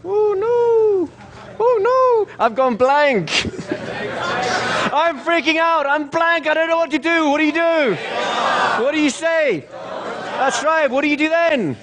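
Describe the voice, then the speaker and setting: A man acting out a panicking adult male hypnosis subject, pleading in high-pitched cries during a workshop role-play. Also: expressive, drawn-out words, long pauses, a crowd in the background, exaggerated voice. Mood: panicked.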